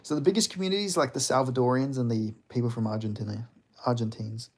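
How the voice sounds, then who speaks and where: A man's voice: medium pitch, fairly even intonation, fast talker, slightly rough. A young man chatting casually on a livestream, rambling and reading out comments, with lots of fillers and swearing. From Australia. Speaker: streamer.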